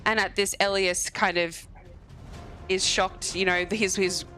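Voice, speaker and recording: A woman narrating a tabletop game as dungeon master, animated and quick to laugh. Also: medium pitch, soft background music. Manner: giggly, animated.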